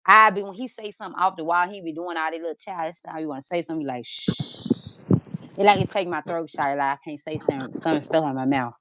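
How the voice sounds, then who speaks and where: A woman hosting a podcast in casual chat, animated and colloquial, swearing freely. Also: sits low, quick pace, hardly any pauses, very noisy. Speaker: podcast host.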